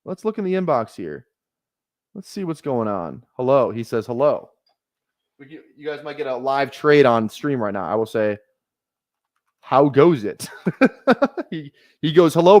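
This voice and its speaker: A man's voice: mid-range voice, sing-song, moderate pace, no echo, clean studio sound. A man giving casual live-stream commentary on his fantasy football draft, rambling and correcting himself as he thinks aloud.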